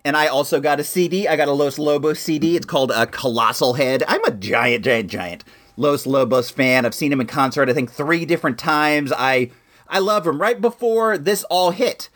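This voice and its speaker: A man hosting a podcast, chatting casually and excitedly as he reviews a toy and makes playful sound effects. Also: fairly high pitch. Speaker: podcast host.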